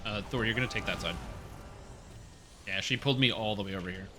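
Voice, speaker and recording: A man live-streaming a raid game, chatting casually and rambling excitedly with teammates, now and then swearing. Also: on the low side, fast.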